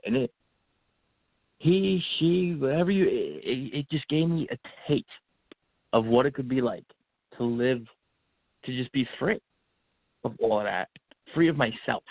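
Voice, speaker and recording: A man guest on a podcast telling an emotional personal story, animated and acting out what people said, with many fillers and restarts. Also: mid-range voice, a little slow, gravelly, pauses often, no echo. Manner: animated, acts out quotes, frequent fillers and restarts. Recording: phone-like narrow band audio.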